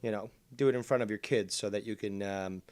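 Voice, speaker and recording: A man's voice: on the low side, steady tone, a little fast, darkish tone, no room sound. A man hosting a livestream commentary show, mocking and sarcastic. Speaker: show host.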